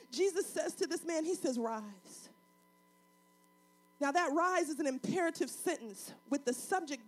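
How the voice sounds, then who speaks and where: A woman pastor with a strikingly high voice delivers a sermon. She preaches in a rhythmic, repetitive cadence and pushes into fervent appeals. She sounds middle-aged.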